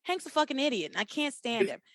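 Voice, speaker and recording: A woman co-hosting a podcast, recapping a soap opera in casual, animated chat, laughing and swearing often. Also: sits high, fast, dry recording. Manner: animated, profane, laughs often, acts out characters' lines. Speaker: podcast co-host.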